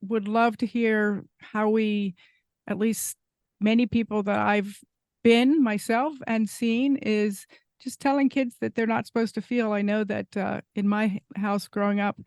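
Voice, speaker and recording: A woman hosting an interview podcast, speaking thoughtfully and a little haltingly with fillers. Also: mid-range voice, little pitch movement, darkish tone, no room sound, clean studio sound. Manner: thoughtful, hesitant, slow, with fillers. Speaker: podcast host. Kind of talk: conversational interview.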